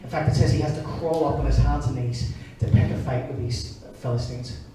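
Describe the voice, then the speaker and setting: A man in his forties preaching a sermon, telling stories in an animated way. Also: medium pitch, brisk, heavy background noise. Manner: animated storytelling, acting out voices. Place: church service. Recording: echoey church hall from far off.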